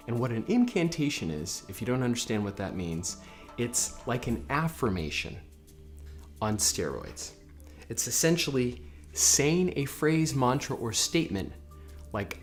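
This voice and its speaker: A man giving a motivational lesson on public speaking, energetic and often repeating his words. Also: medium pitch. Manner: energetic, repeats words, acts out chanted affirmations. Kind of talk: motivational talk to camera.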